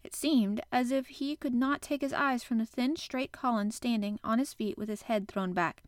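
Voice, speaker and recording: A woman's voice: fairly high pitch, moderate pace, dry recording, studio quality. Woman reading a classic novel aloud. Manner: expressive, animated reading. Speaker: podcast host and reader. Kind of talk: audiobook narration.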